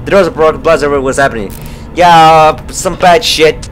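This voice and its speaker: A young man playing a horror game, swearing constantly, panicking and yelling at enemies, then muttering nervously. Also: on the high side, fairly even intonation, normal speed, a little hiss or hum. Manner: profane, jumpy, yelling in panic. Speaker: let's play gamer.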